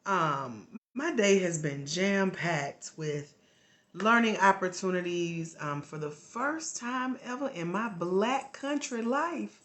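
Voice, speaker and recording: Sleepy Southern woman, bright voice. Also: mid-range voice, animated, takes it slowly. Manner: drawling, laughing, chatty. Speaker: life coach. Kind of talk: casual live stream talk.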